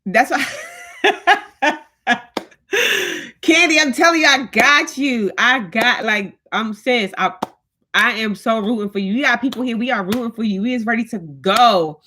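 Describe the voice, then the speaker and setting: A woman's voice: on the high side, unhurried, pauses often, sharp tone, a little hiss or hum. A woman in her thirties hosting a casual live stream, chatting with viewers, greeting them by name and laughing often. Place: home, in front of lights.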